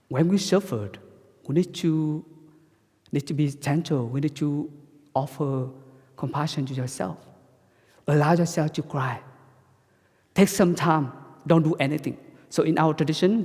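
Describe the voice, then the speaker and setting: Male Buddhist monk; soft, halting dharma talk in a hall with long reverb. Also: fairly high pitch, husky. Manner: halting, simple English with frequent restarts.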